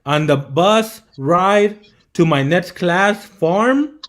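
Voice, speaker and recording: A young man, the guest on a live stream, telling animated stories in casual chat, often saying bro and man. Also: sits high, extremely slow. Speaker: guest entrepreneur.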